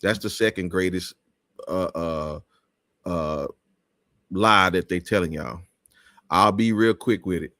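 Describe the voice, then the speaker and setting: A man's voice: deep voice, takes it slowly, pauses often, sharp tone, dry recording, studio quality. A man hosting a live talk show, speaking in an emphatic, preachy way with many restarts.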